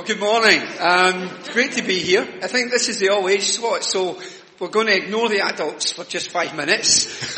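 A man's voice: high-pitched, sharp tone, slight background noise. Chatty Scottish man in an echoey church. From Scotland. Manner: chatty and self-mocking, jokes with children. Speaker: church speaker leading the children's talk. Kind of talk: lively children's talk in a church service. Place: church hall. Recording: reverberant church hall.

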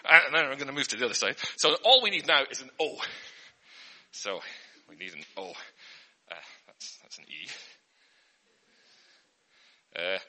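Very bright, lively man. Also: medium pitch, unhurried, long pauses. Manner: earnest teacher patter, flustered and self-interrupting. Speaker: comedian. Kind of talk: mock spelling lesson for an audience. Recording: long hall reverb.

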